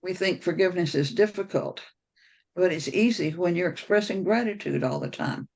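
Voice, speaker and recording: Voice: mid-range voice, animated, moderate pace, low-quality recording. A speaker on a members' video call, telling a personal story in a rambling, anecdotal way with frequent restarts.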